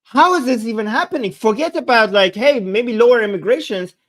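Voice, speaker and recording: In an extremely high, slightly bright voice that runs a little fast, a man delivers ranting reaction commentary on politics to his viewers. Agitated and sarcastic, he repeats himself and keeps raising his voice.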